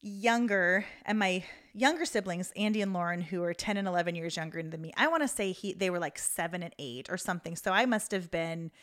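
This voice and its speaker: A woman co-hosts a podcast, telling a story in loose, rambling chat that's packed with fillers and laughter as she goes. Her voice sits lowish and bright, and she talks fairly quickly with few pauses.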